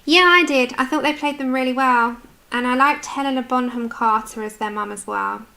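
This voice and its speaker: A woman from the UK chats casually to her livestream viewers while she colours, answering their comments as they come in. Her voice sits a little high and sounds bright and forceful. She talks at a desk microphone. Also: moderate pace, creaky. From United Kingdom.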